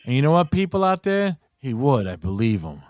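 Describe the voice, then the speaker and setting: A man co-hosting a podcast in casual chat, slangy and quick with short reactions. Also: medium pitch, very animated, a little mellow, no echo, studio quality. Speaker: podcast co-host.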